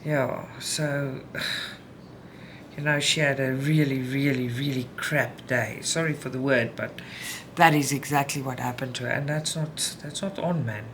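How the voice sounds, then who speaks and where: A woman's voice: a bass voice, fairly even intonation, unhurried. A South African woman chatting candidly to viewers at home while she stitches, venting and talking things through. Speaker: cross-stitch vlogger. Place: home room. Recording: home recording with background noise.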